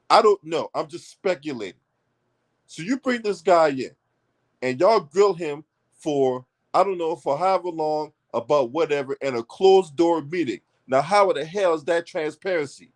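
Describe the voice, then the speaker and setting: A male commentator with a somewhat raised pitch rants about politics. He is profane and sarcastic, jabbing at his targets with a heated edge.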